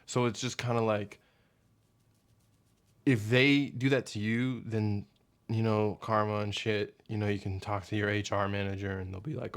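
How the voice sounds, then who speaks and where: A man's voice: fairly low pitch, flat delivery, moderate pace. A young man ranting casually to camera as a vlogger, rambling and profane, often losing his train of thought. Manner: acts out his boss in a hushed mock voice.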